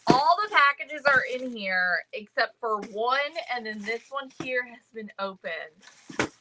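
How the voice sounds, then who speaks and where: A woman's voice: on the high side, noisy background. A woman hosting a live crafting stream, chatting casually about thrift finds and greeting viewers by name. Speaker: crafting livestream host. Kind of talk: casual thrift haul chat.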